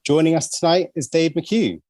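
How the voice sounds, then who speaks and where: A man's voice: a little high, moderate pace, a little mellow, no room sound. Chatty man hosting a podcast. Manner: chatty, laughs often, self-deprecating. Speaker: podcast host. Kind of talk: casual podcast chat. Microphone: video call.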